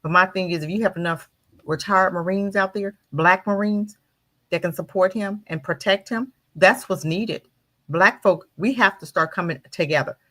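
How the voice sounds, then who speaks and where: A woman's voice: on the low side, normal speed, fairly bright tone. A woman guest on a talk show, speaking with fiery, preaching energy and firing off rhetorical questions. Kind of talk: impassioned commentary.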